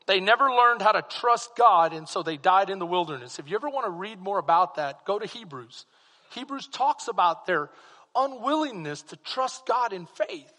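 High-pitched, bright-voiced Texan pastor preaching. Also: male voice, big-room sound. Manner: preacherly, rising to fervent exclamations. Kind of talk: sermon.

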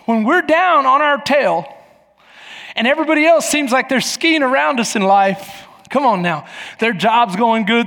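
A man in his forties preaching a sermon as pastor, telling stories with lively acted-out voices and shouts. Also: very high-pitched, long reverb tail. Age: 40s. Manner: animated storytelling, acting out voices and shouts. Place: church.

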